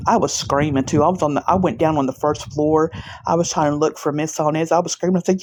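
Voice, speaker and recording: A woman vlogger telling a story in a casual, emphatic, animated way, with frequent restarts. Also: low voice, moderate pace, long pauses.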